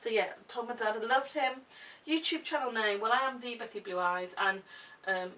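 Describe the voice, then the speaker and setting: A woman's voice: a little high, normal speed, sharp tone. A young woman chatting casually to camera as a vlogger, giggly and full of ums. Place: room at home. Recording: distant camera mic with hiss.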